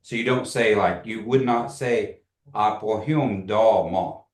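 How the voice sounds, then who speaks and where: A man teaching a community language class, joking with students and slowly repeating phrases for them. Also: medium pitch, steady tone, far from the mic. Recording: echoey classroom.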